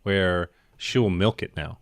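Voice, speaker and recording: A man co-hosting a podcast in a casual chat, soft-spoken and supportive. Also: low-pitched, a little slow, gravelly, no echo, studio quality. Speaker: podcast co-host.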